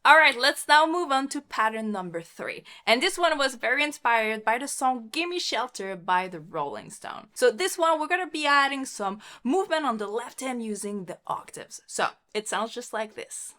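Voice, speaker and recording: A woman's voice: on the high side, expressive, normal speed, few pauses. A woman teaching rock keyboard patterns, explaining them cheerfully and counting beats aloud while she plays. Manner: upbeat, instructive. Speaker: piano teacher. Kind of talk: keyboard lesson with demonstrations. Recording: loud piano playing alongside.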